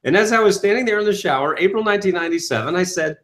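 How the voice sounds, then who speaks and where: A man, a self-help author, telling his story in an interview with lively acted-out quotes. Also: high voice, racing. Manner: enthusiastic, quotes himself and audiences in lively asides.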